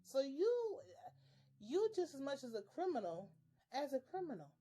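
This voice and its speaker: A woman's voice: high-pitched, a little fast. A young woman giving a casual, blunt and profanity-filled recap and reaction to a TV episode. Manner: profane, blunt and animated, with frequent swearing. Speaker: TV episode reviewer.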